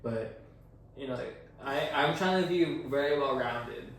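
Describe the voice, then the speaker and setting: A man's voice: medium pitch, a little slow. Ranting, foul-mouthed man in an echoey room. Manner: profane, ranting, heavy swearing. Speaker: podcast co-host. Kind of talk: casual chat. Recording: echoey room, distant mic, faint noise.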